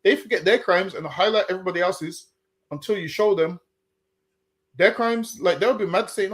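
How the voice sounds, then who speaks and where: An Englishman with a notably high voice argues his case earnestly. He reasons aloud and often trips over his words and starts again. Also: moderate pace, fairly bright tone. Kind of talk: casual discussion.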